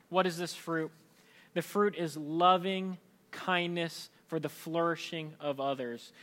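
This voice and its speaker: A man in his thirties delivers a sermon in a relaxed, conversational way, as if chatting with his congregation. His voice sits high for a man and rings bright and forward. He keeps things lively by acting out the voices of the people he quotes. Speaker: pastor.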